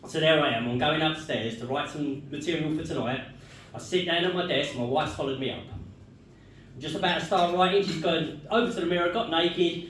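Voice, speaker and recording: A man doing a stand-up comedy set, telling jokes in a deadpan storytelling way and chuckling at his own punchlines. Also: a little high, a little fast, slight background noise. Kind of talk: stand-up set with crowd work. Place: comedy club stage. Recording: echoey club room, mic far off.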